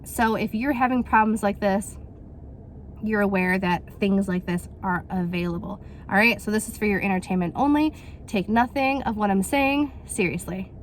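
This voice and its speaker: A woman's voice: medium pitch, a little hiss or hum. A woman in her thirties chatting casually through a product unboxing, rambling with fillers and acting out little quotes. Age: 30s. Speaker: vlogger reviewing a product.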